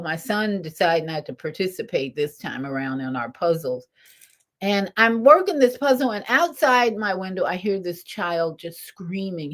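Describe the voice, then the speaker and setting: An older woman, a spiritual teacher, telling a story in an animated, lively way, her voice swinging between rises and soft drops. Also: lowish voice. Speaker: spiritual teacher leading meditation. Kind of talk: storytelling talk.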